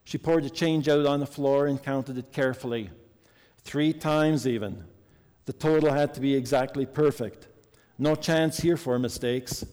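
A man's voice: mid-range voice, normal speed, a little mellow, clean tone. A man preaching a sermon earnestly and reading a story to his congregation. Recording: long hall reverb.

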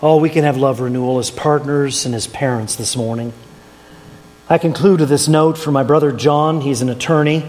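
A man's voice: mid-range voice, steady tone, moderate pace, a little mellow. Older man preaching in a reverberant church. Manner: folksy storyteller, chuckles at own jokes. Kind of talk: sermon storytelling. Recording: long hall reverb.

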